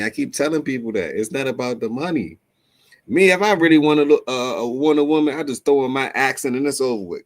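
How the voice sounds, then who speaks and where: A man hosting a reaction show, giving animated, slangy advice straight to his male viewers. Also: fairly low pitch. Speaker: host reacting to a clip. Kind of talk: commentary to camera.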